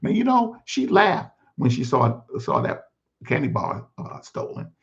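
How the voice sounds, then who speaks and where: A man's voice: medium pitch, wildly swooping pitch, measured pace, vocal fry, heavily acted. A man voicing God as a patient, fatherly male Lord who coaxes and repeats himself in a one-man sermon skit. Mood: coaxing. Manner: coaxing, pastoral, repeats himself. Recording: dull lo-fi recording.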